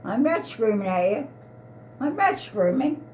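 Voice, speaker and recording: A woman's voice: a little high, sing-song, a little slow, darkish tone, slight background noise. A woman in her eighties, an elderly mother, arguing in an upset, pleading way and repeating herself. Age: 80s. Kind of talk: heated family argument.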